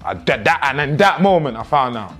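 A man, telling the story of his own boxing match in a slangy, animated, self-mocking way. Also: mid-range voice, fairly quick, soft background music. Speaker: boxer reviewing his own fight. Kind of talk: casual storytelling commentary.

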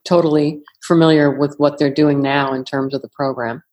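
A retired woman with a New York accent, answering interview questions in a measured, careful way. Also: deep voice, steady tone, darkish tone. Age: older. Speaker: retired FBI agent, guest.

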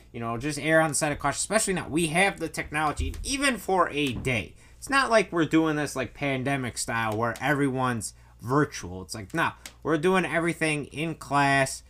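A young man rants on his own podcast with a lively voice that swings up and down. He sits a little high for a man and talks in an exasperated, profane way, mocking the people he complains about. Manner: exasperated ranting, swearing, mocking quoted people. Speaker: podcast host. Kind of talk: solo podcast rant.

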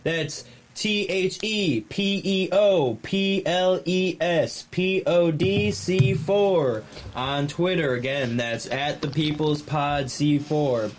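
A man's voice: fairly high pitch, slow, crowd noise. A man hosting a casual podcast, joking around and repeating himself for emphasis. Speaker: podcast host.

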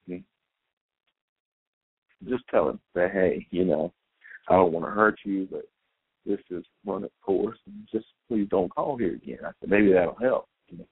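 In a dry, tinny, phone-like recording with no echo, a man with a lowish, slightly rough voice hosts his podcast. He rambles through a long personal anecdote, quoting himself and the other person in turn.

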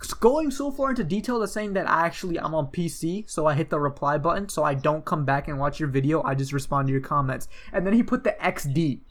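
A man's voice: fairly high pitch, fast talker, hardly any pauses. Swearing young man telling a story. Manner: animated storytelling, swears freely, acts out quotes. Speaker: podcast co-host. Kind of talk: casual chat.

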